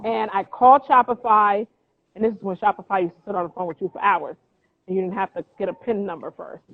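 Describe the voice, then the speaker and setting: A woman from New Jersey, a clothing brand founder, tells her story in an animated, motivational way as an interview guest. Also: medium pitch, fast. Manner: lively, acts out quoted voices, motivational. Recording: tinny phone-line sound.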